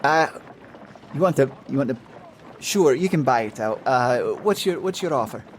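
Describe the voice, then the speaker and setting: A man running a tabletop game as game master, laughing often and giving quick rulings. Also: mid-range voice, lively intonation, a little hiss or hum.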